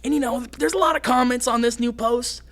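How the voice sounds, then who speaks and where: A young man from Canada, a fighter guest on a podcast, talking fast and excitedly and swearing freely. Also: extremely high pitch. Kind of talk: casual podcast conversation.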